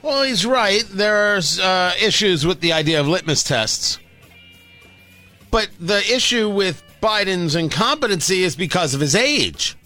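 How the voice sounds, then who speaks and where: Bright, lively-voiced talk radio man. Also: high-pitched, a little slow, soft background music. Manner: sarcastic, emphatic, animated delivery. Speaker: radio talk show host. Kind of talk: opinionated talk radio monologue. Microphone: studio microphone.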